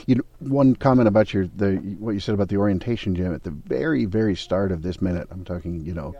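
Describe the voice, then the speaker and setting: A man's voice: deep voice, fast talker, dull audio. A man hosting a casual chat, making playful, self-deprecating asides.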